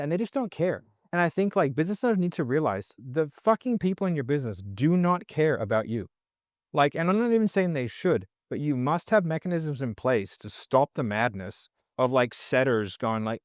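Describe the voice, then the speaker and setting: A man's voice: on the high side, normal speed, dry recording, clean studio sound. A man, guesting on a podcast, ranting bluntly and swearing a lot in casual conversation. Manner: blunt, profane, animated ranting.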